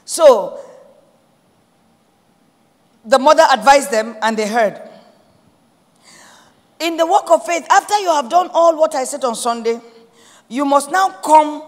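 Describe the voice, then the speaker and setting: Nigerian woman pastor, high voice, emphatic sermon delivery, long hall reverb. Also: lively intonation, slow, long pauses. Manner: emphatic, repetitive preaching with quoted prayers.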